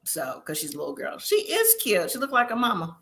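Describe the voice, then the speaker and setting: A woman's voice: medium pitch, wildly swooping pitch, brisk, creaky, fairly bright tone. A woman hosting a casual live review chat, opinionated and chatty, laughing often. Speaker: host.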